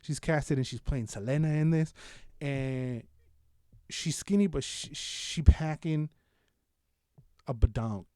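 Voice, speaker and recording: A man as a profane, excitable podcast co-host, fairly high voice. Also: slow, no echo, clean studio sound. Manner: animated, profane, loud bursts of laughter-filled storytelling. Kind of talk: casual chat, reviewing shows.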